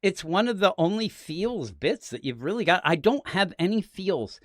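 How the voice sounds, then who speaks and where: A middle-aged man hosting a podcast in casual chat, retelling scenes with animated little acted bits. His voice sits a bit high and swings around a lot. The sound is close and dry. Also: normal speed, dry recording. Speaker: podcast host. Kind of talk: casual comic book review chat.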